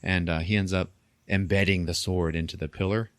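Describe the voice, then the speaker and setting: Man, podcast host, low voice, casual film recap, laughs a lot, swears, very dry close sound. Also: brisk, dry recording. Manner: animated storytelling, frequent laughter, swearing.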